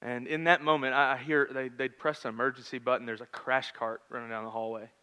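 A man in his thirties preaching a sermon in a conversational storytelling manner, swinging between loud and hushed. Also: mid-range voice, level tone, fairly quick, clean tone. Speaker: pastor.

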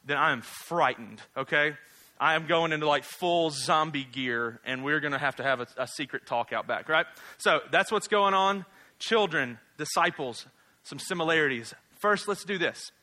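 A man's voice: fairly high pitch, sharp tone. A man, preaching a casual, humorous sermon as a pastor, full of jokes and tag questions. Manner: joking, conversational, rhetorical tag questions.

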